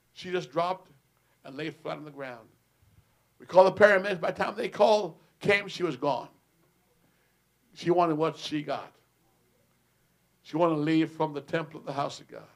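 A man pastor preaching a sermon in a church, telling a story, dropping to a hush and rising to loud exclaiming, with frequent amens and hallelujahs. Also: creaky. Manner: swings from loud exclaiming to quiet low storytelling; punctuates with "amen" and "hallelujah".

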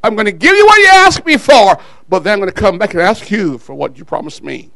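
A stern, booming God speaks with commanding emphasis, put on by a high-voiced preacher. The voice is high for a man and swings in pitch, and the sound is dry and close. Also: big pitch swings, fairly quick, creaky, sharp tone, no echo, full character voice.

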